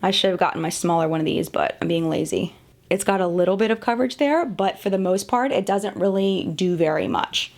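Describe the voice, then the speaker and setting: A woman's voice: mid-range voice, a little fast. A woman in her thirties reviewing makeup in a casual, chatty way, often laughing at herself, talking to the camera at home. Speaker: beauty vlogger.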